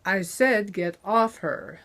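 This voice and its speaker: A cold, commanding male interrogator, read by a woman, pressing his captive with clipped questions at a slow, heavy pace. His middle-pitched voice stays measured while each demand lands hard. It sounds like an audiobook. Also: lively intonation.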